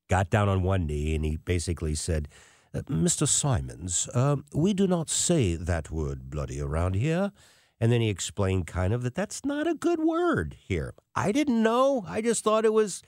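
A man's voice: medium pitch, no room sound, studio quality. A man in his sixties telling self-deprecating anecdotes in a casual monologue as a financial commentator. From United States.

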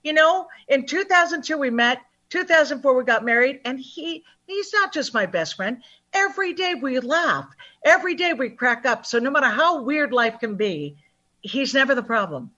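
A woman's voice: sits high, normal speed. Chatty upbeat woman on a dull line. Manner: upbeat, quotes other people in lively voices. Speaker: guest numerologist. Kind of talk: phone-in interview, animated and chatty.

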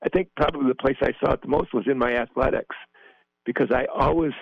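A male guest on a tinny phone line, his voice gravelly with fry. He speaks earnestly but hesitantly, with plenty of fillers. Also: mid-range voice, steady tone, fast talker, no echo. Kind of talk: conversational interview.

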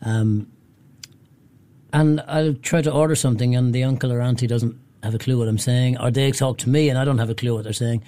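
A man who works as an actor and musician, a guest in a radio studio, telling lively stories with a laugh. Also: medium pitch, brisk. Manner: animated storyteller, laughs. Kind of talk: casual studio chat.

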